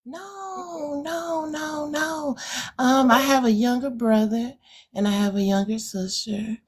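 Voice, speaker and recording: A woman's voice: high voice, takes it slowly, husky. A woman from Alabama with a rural Alabama accent, a guest poet talking through her answers in a reflective way with many hesitant fillers. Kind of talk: casual interview chat.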